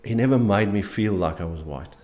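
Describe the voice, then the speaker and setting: Deep-voiced South African man. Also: darkish tone. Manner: earnest, halting, many restarts and repeated words. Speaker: interview guest. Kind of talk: conversational interview.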